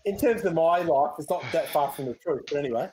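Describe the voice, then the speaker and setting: Easygoing Australian podcast co-host. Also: male voice, fairly high pitch, fast talker, crowd noise. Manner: easygoing, rambling, agreeable. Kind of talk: casual chat.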